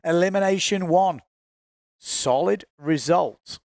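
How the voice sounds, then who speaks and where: A man's voice: sits high, takes it slowly, gravelly, darkish tone, no room sound, studio quality. A man giving chatty, informal live commentary on a windsurfing race, often correcting himself as he goes.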